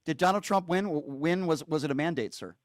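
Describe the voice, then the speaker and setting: A man's voice: a little high, brisk, no echo, clean studio sound. A man hosting a call-in show, berating and insulting a caller, interrupting and repeating his questions insistently. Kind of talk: combative call-in debate.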